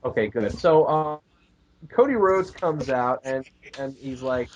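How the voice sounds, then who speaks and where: A man's voice: mid-range voice, a little slow, darkish tone, dull audio. A man co-hosting a casual podcast, rambling through a wrestling recap with filler words and goofy voices.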